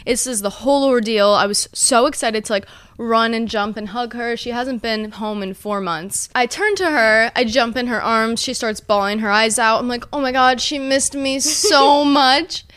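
A woman's voice: fairly high pitch, moderate pace, a bit bright, smooth, no echo. A woman in her early twenties hosting a casual vlog, gushing and chatty, with a lot of "like" in her storytelling. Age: early 20s. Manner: bubbly, gushing, says like a lot. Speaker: host.

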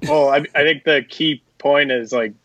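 A man co-hosting a podcast, speaking modestly and haltingly as he deflects credit. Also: fairly high pitch, slight background noise. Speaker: co-host prospect writer. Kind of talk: casual podcast chat. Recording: dull lo-fi audio.

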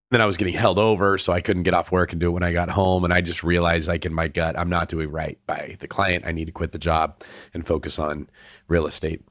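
A man calmly explaining his views in a casual conversation, using analogies. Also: deep voice, no room sound.

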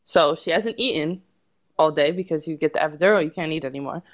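A woman's voice: low-pitched, fast. A woman guest telling a long story in casual podcast chat, laughing often and acting out what people said. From United States. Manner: animated, laughs often, acts out quotes.

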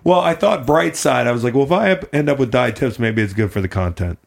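A man's voice: medium pitch, lively intonation, brisk, gravelly. A man hosting a casual chat, joking around and swearing freely. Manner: profane, joking. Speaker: host. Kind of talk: casual podcast banter.

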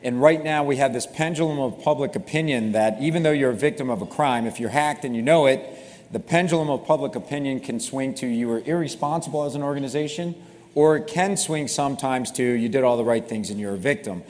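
Fielding interview questions, this middle-aged cybersecurity company founder stays relaxed and explanatory, mixing in dry, self-deprecating humor. He speaks fairly quickly at a medium pitch, and the recording has a big-room sound.

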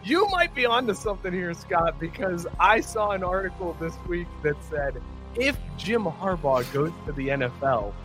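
A man hosting a sports podcast in a high, bright voice, animated and quick to laugh. He steers the banter along, with faint music behind him. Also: low-quality recording. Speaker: podcast host. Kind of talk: casual sports chat.

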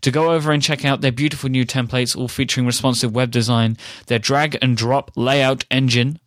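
Brisk London man hosting a podcast. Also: mid-range voice, fairly even intonation, fairly bright tone, dry recording, studio quality. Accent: London English. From England. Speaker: podcast host. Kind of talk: casual podcast chat and ad read.

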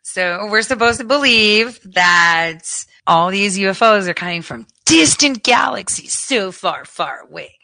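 A woman's voice: mid-range voice, sharp tone, dry recording, poor audio. A woman hosting a casual commentary show, sarcastic and blunt, who keeps breaking into laughter and swears freely.

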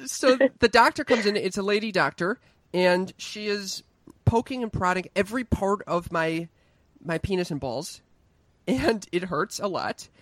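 A man's voice: sits high, measured pace, fairly bright tone, dry recording. A young man telling his mother a personal story in a casual, frank and self-mocking way. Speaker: storyteller, son of the host.

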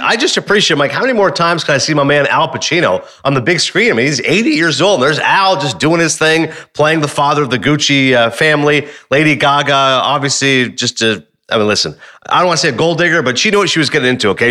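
A man co-hosting a casual sports and pop culture talk show, animated and full of quick asides. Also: medium pitch. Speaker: co-host.

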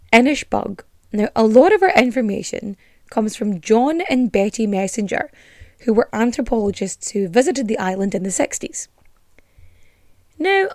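A woman's voice: a little high, no room sound, studio quality. A woman with an Irish accent hosting a casual storytelling podcast, sarcastic and sweary, ranting with indignation. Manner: animated and indignant. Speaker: podcast host.

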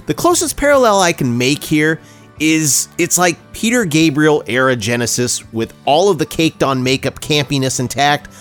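Lively-voiced man reviewing albums. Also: medium pitch. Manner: dry joking, reads prepared reviews. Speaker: podcast co-host. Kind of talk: casual music podcast chat.

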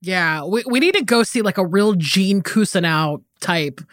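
A woman's voice: medium pitch, expressive, unhurried, a bit bright, no echo, clean studio sound. A woman co-hosting a podcast in casual chat, rambling in sentences that trail off. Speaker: podcast co-host.

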